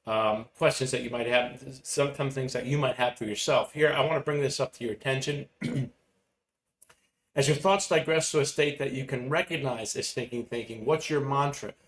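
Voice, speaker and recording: Male motivational coach, mid-pitched, energetic and repetitive delivery, roomy echo with faint background hum. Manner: energetic, emphatic, repeats key phrases. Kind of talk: live online masterclass teaching. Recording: roomy echoey room with faint ambience.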